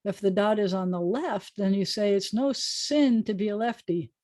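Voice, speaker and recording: Lady rabbi on a video call, warm soft voice, chatty and jokey, sounding out hebrew words. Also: medium pitch, normal speed, dry recording. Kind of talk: informal online class.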